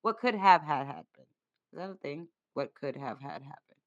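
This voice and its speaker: A woman co-hosting a casual podcast chat, animated and playful, often laughing. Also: low-pitched, moderate pace, lo-fi sound. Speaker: podcast co-host.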